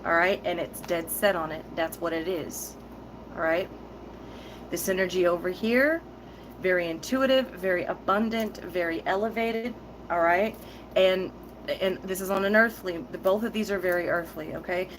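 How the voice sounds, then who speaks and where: A woman's voice: lowish voice, moderate pace, a little hiss or hum, low-quality recording. A woman giving a spoken tarot reading to her viewers, firm and emphatic, often repeating key phrases, with a heated, intense delivery and casual direct address. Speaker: tarot reader.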